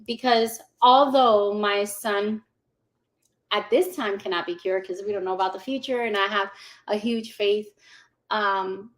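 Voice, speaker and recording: A woman in her forties, with a mid-range voice, appears as a guest in a relaxed interview and gives a testimonial. She tells her story with lots of energy, laughing frequently and acting out what other people said.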